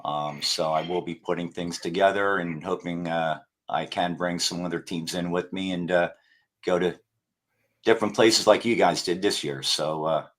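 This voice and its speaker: A man's voice: low voice, fairly even intonation, normal speed, a bit bright. A man talking casually as a podcast guest, rambling with many fillers and restarts. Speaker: guest paranormal investigator.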